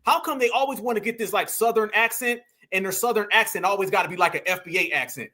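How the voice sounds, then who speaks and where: Hosting a live reaction stream, a man talks to his chat in a high, bright voice at a quick pace. He uses loose slang and speaks emphatically, challenging the clips he plays with pointed rhetorical questions.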